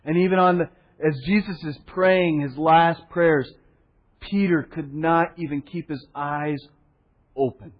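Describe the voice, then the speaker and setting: Preaching a sermon, this pastor voices the people in his story with animation and hushes softly at solemn moments. His male voice is fairly high and a little slow, recorded with dull sound in a long-reverb hall.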